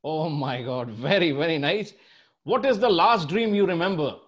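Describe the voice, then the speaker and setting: Effusive male quiz host, higher voice. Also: normal speed, highs cut off. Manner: effusive, praising the guest. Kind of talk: casual quiz interview mixing English and Hindi. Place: remote, living abroad.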